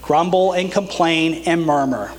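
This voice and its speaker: High-voiced pastor preaching in a reverberant church. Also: male voice, unhurried. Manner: earnest, animated preaching with light humor. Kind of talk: sermon. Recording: long reverb of a church hall.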